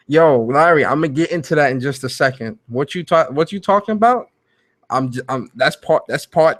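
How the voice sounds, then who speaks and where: An animated man hosting a gaming talk stream from home, swearing freely and breaking into loud laughter as he vents. His voice sits a little high for a man and sounds close and dry, with no room around it. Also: no room sound. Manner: animated, profane, laughs loudly, reads chat aloud. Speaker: host of a gaming talk show. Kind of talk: live-streamed commentary chat.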